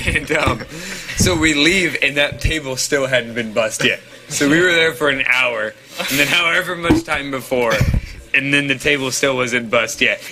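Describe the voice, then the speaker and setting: In an unhurried, mid-range voice, a young male podcast co-host spins a story for his friends, swearing casually, using lots of filler words, and mimicking the characters. His fellow co-hosts can be heard laughing behind him.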